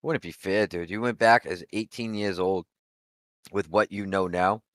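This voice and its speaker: A man's voice: low-pitched, moderate pace, fairly bright tone, no room sound. A laid-back man chatting casually on a group voice call. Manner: laid-back, says dude.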